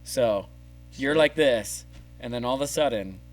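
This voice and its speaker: A man telling a story in casual podcast chat, animated and acting out the scenes. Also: medium pitch, a little slow, soft background music. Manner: animated, acts out scenes with yelled quotes. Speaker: podcast co-host.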